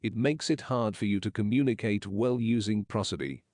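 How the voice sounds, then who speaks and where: A man narrating an English lesson in slow, measured, explanatory sentences. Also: lowish voice, a little mellow, dry recording, clean studio sound.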